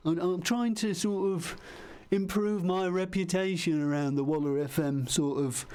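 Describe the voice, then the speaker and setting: A man's voice: sits high, steady tone, normal speed, darkish tone, clear, resonant tone. A man hosting a comedy radio bit, hesitant and rambling with many restarts. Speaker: radio show co-host character. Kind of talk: improvised comedy sketch.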